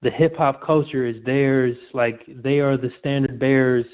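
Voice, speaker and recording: A man, a sportswriter guest, telling stories in a relaxed, slangy way during a casual interview. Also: medium pitch, normal speed, clear, resonant tone. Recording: tinny phone-like audio.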